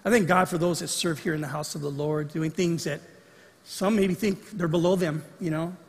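A man preaching from the pulpit with a high voice, animated and fond of acting out the voices he quotes. The sound carries a long reverb from the church sanctuary around him. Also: normal speed. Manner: animated, acts out quoted lines. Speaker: pastor. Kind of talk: sermon.

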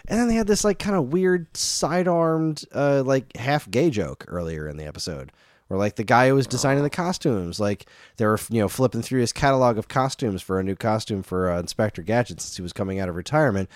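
A man's voice: medium pitch, lively intonation, brisk, no echo, clean studio sound. A man in his thirties co-hosting a casual chat show, rambling off on tangents. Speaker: podcast co-host.

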